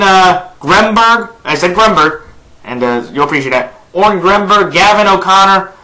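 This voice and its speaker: Bright-voiced upbeat male sports vlogger. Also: sits high, low-quality recording. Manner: chatty, upbeat, with frequent fillers and restarts. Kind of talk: casual picks commentary to camera.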